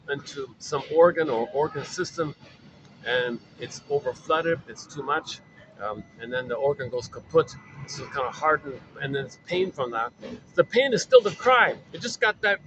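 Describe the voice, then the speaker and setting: This psychoanalysis lecturer has a slightly high voice, heard with some background noise. His informal talk is repetitive and packed with fillers.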